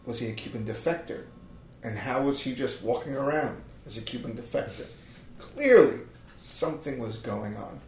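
A man's voice: medium pitch, animated, moderate pace, a little mellow, a little hiss or hum. A man joking in sarcastic, mock-conspiratorial banter, often swearing as he co-hosts a comedy podcast. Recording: roomy echo.

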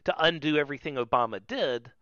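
Man, bright tense voice, sarcastic, casual chat, slightly dull lo-fi sound. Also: fairly high pitch, fast, no echo. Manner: sarcastic, dry jokes.

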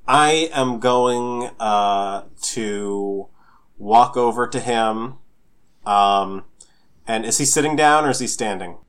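Male player, slow and smooth, deliberate, hesitant. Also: medium pitch, a bit bright. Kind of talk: tabletop role-play chat.

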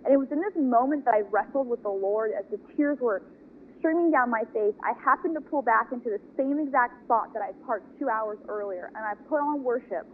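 A woman from California telling a personal faith testimony in a lively, earnest way, acting out the dialogue. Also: a little high, fairly quick. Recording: tinny phone-like audio with faint noise.

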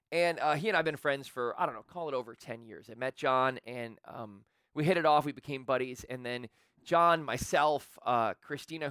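A man's voice: mid-range voice, pushed and bright, no echo, clean studio sound. A man preaching a sermon as pastor, talking conversationally with rhetorical questions. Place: church.

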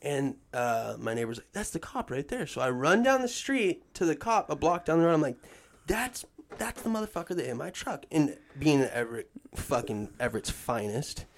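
A man telling a long story in casual, profane talk, acting out what people said with big swings in voice. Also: normal speed. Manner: animated, acts out quotes with swings in pitch and volume. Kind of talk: casual storytelling with heavy swearing.

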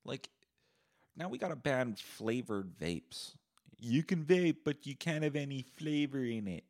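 A man's voice: mid-range voice, measured pace. A young man from Canada hosting a podcast, delivering a sarcastic, profane solo rant. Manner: sarcastic, profane, animated ranting. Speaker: podcast host.

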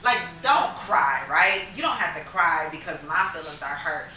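Young woman co-host, emphatic and slangy, bright tone, distant mic in a reverberant room. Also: low voice, lively intonation, normal speed. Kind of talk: casual storytelling chat.

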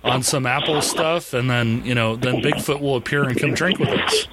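A man hosting a podcast, talking in a casual, excitable way and leaning on "I mean" and "like". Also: medium pitch, normal speed, heavy background noise. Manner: excitable storyteller, lots of "I mean, like". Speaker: podcast host. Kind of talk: casual interview chat.

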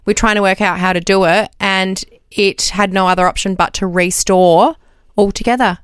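A woman's voice: mid-range voice, fairly even intonation, moderate pace, clean tone, no room sound, clean studio sound. A young Australian woman co-hosting a podcast, telling stories in a chatty, giggly way. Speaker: podcast co-host. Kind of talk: casual chat.

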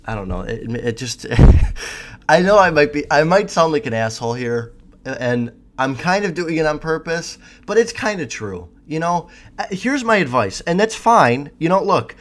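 A man's voice: a little high, sing-song, moderate pace. Cocky, swearing young man ranting. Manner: profane, cocky, rambling with restarts. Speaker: vlogger. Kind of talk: casual monologue to camera.

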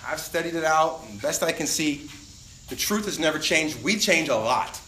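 A young man preaches to his congregation with lively energy, slipping into the voices of the people in his stories. His voice sits a little high. The sound is roomy, with the echo of a church sanctuary around him. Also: moderate pace. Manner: animated, acts out quoted voices. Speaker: pastor. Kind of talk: sermon.

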